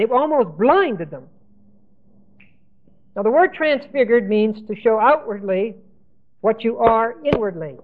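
A man teaching a Bible lesson, spelling out Greek words letter by letter and repeating key terms. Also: extremely high pitch. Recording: tinny phone-like lo-fi recording.

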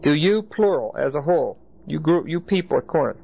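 Speaking a little fast, a man with a gravelly, warm voice on the high side lectures a Bible study group with lively intonation. He explains each point and checks in with his listeners often. The sound is dull and lo-fi, with a faint hiss.

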